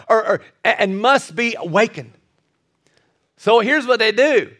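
A male pastor preaching a sermon, telling a Bible story with animated, acted-out quotes. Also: high-pitched, a little slow, long pauses.

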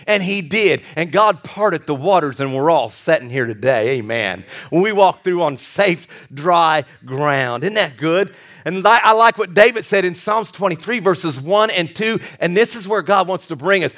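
A middle-aged man preaches with a voice that sits a little high for a man. He swings between loud, drawn-out calls and soft, close asides. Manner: animated preaching with sudden loud bursts and quiet asides. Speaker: pastor. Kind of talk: sermon.

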